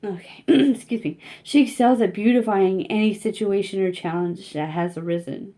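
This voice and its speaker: A woman giving a casual spiritual card reading, talking gently and haltingly with many fillers. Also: medium pitch.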